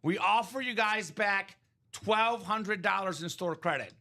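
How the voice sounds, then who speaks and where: A man's voice: sits high, a little slow, pushed and bright. A man hosting a live sports memorabilia break, chatting energetically and rambling through values and asides. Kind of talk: live-stream sales chat.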